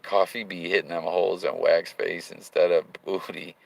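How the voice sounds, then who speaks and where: Low-voiced man hosting a casual live chat. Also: flat delivery, normal speed, creaky, poor audio. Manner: loose slang-heavy talk, hyped bursts between mumbled chat readings. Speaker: livestream host. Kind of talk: casual live chat reading viewer comments. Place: in a car while driving.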